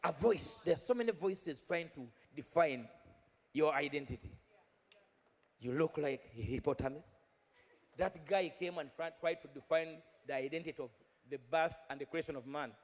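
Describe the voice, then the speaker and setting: A man's voice: fairly high pitch, moderate pace. A man preaching a live sermon, exhorting the congregation, repeating phrases and leading them in call-and-response chants. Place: large church hall. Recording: long reverb of a large hall.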